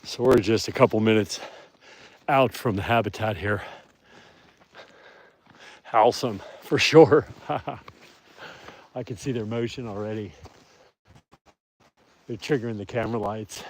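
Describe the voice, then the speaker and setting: A man narrating a live stream outdoors in the snow on his way to a wolf habitat, talking quietly to viewers and calling to his dog and the wolves. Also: on the low side, unhurried, long pauses, slight background noise. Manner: talks softly to his dog and wolves, rises when calling them. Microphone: phone, later a chest rig.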